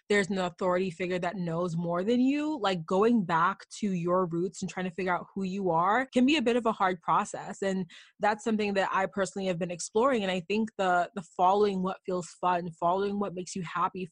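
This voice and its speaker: A woman's voice: mid-range voice, dry recording. Young female podcast host: enthusiastic, chatty, recorded dry and close. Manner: chatty, enthusiastic, lots of "like" and "you know". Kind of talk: casual interview chat.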